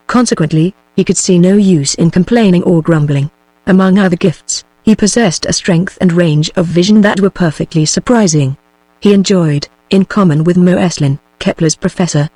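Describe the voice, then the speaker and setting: A text-to-speech woman's voice with a British English accent, narrating a classic novel in a smooth, steady manner. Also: on the low side, no room sound. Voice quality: smooth synthetic voice. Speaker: audiobook narrator. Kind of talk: text-to-speech book reading.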